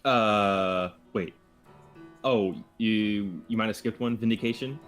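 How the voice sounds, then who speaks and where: Low-voiced man reviewing poems casually. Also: slow pace, a bit bright, faint music behind. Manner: loose and conversational, with fillers. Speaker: contest judge reviewing poems. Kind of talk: casual chat.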